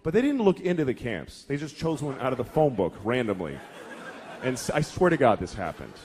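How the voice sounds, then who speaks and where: Animated, profane man doing stand-up. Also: medium pitch, a little fast, some chatter behind. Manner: profane, exasperated storytelling. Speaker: stand-up comedian. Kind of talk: stand-up comedy.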